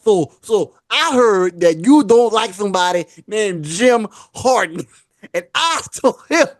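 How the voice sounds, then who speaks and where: A man hosting a podcast in casual banter, an animated storyteller who laughs often and repeats his words. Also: high-pitched, a little slow, a little hiss or hum. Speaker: podcast host.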